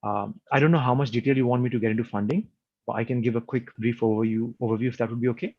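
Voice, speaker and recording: A man's voice: medium pitch, steady tone, quick pace, slightly rough, no echo. A man, a company founder, explaining a business framework in an interview and firing off long strings of rhetorical questions. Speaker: entrepreneur guest. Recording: dull, muffled lo-fi sound.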